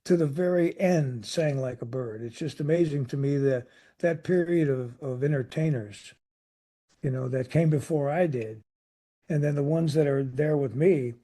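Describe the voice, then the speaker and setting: Older Chicago man with a husky voice. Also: on the high side. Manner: animated anecdotes with restarts. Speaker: guest musician. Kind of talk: casual interview storytelling.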